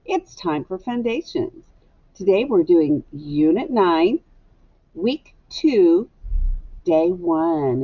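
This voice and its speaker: A woman teacher runs a phonics lesson for young children, clearly drilling sounds and words for them to repeat back. Her voice is fairly low, and the recording has its highs cut off.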